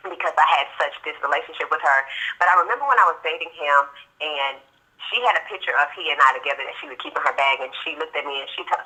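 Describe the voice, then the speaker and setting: Bright-voiced woman telling a family story. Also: low voice, low-quality recording. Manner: earnest, animated retelling with acted-out quotes. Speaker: guest. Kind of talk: conversational interview storytelling.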